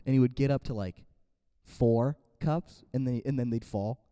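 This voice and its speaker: Young male podcast co-host, very dark mellow voice, rambling casual anecdotes. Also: medium pitch, moderate pace, clear, resonant tone, no echo, studio quality. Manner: rambling, lots of "like" and restarts. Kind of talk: casual storytelling chat.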